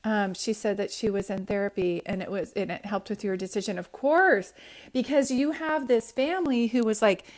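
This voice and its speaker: A woman's voice: medium pitch, moderate pace. A woman hosting a live-stream psychic reading, talking to viewers in a casual, affectionate way, using pet names and rambling with restarts.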